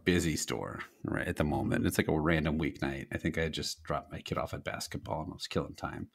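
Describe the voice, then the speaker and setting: A man's voice: extremely low pitch, fairly quick, creaky, husky. A man co-hosting a podcast, telling a funny anecdote in casual chat. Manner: animated storyteller, mimics voices in anecdotes. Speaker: podcast co-host.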